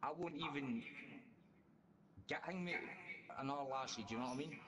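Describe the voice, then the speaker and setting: A Scottish man in his late thirties, talking bluntly and haltingly with some swearing as a guest on a live stream. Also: mid-range voice, crowd noise. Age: 30s. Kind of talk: casual chat. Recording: noisy line.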